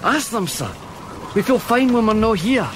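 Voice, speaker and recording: A nervous young palace guard played by a man in a radio drama, deferential to his officer. His voice sits high and swings about, with clear background noise behind him. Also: lively intonation, moderate pace. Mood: uneasy. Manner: deferential, nervous, keeps saying sir. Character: uneasy young royal guard soldier.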